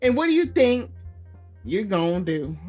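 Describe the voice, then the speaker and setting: A woman's voice: medium pitch, takes it slowly, slightly rough. A woman gaming streamer reading a story game aloud, breaking into profane, outraged reactions. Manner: animated, profane, bursts into loud outraged reactions. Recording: slightly muffled, soft game music behind.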